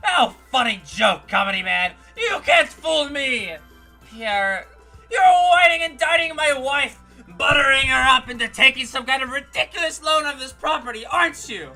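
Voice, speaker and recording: A woman voicing a hotheaded middle-aged male police vice commissioner who shouts blustering accusations. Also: fairly high pitch, wildly swooping pitch, unhurried, few pauses, soft background music, voice pushed up, full character voice. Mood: furious.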